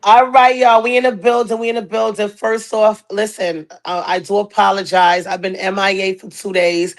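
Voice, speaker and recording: Hoarse woman hosting a chatty podcast. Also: mid-range voice, little pitch movement, normal speed. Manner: chatty, greets viewers, repeats herself. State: hoarse from a cold. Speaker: podcast host. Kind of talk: casual live-stream chat.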